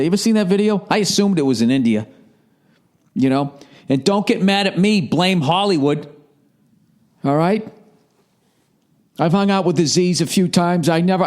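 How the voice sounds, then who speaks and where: A man's voice: fairly high pitch, a little mellow. A middle-aged man hosting a podcast, rambling through a profane comedic monologue and slipping into mock voices. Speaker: podcast host.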